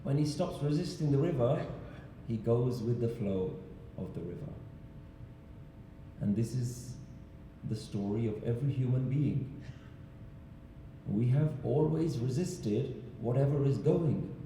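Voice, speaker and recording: A man with a very dark, mellow voice preaches in a large temple hall, telling a parable and asking his listeners rhetorical questions. He sounds distant from the mic, and his voice booms through a long, echoing reverb with a faint hiss underneath. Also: measured pace, long pauses. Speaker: religious speaker. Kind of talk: sermon-style talk.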